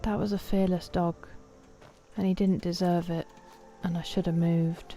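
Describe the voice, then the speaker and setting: A young woman chats her way through a game stream, talking to viewers and reacting loudly when things go wrong. Her voice sits a little low for a woman, with faint music playing in the background. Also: level tone, measured pace. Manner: chatty, reacts loudly, talks to chat. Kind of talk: casual gameplay commentary.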